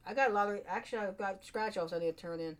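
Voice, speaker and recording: A woman's voice: medium pitch, racing. A woman vlogger talking to camera in a casual, rambling monologue. She is chatty and self-deprecating, and often trails off and restarts her sentences.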